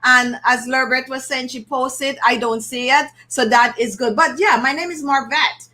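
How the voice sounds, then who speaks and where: A woman in her fifties chats casually with viewers on her beauty channel, answering their comments one by one. Her voice sits high and sounds bright and forward. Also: fairly even intonation, normal speed. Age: 50s. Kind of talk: casual live-stream chat with viewers.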